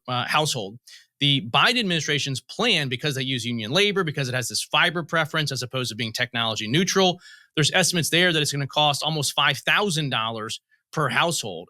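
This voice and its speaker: A man appearing as an interview guest who explains policy in a measured way, starting points with "look" and pausing on "uh". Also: on the high side, pushed and bright, dry recording, clean studio sound. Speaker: guest, federal commissioner. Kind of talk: interview answers, storytelling.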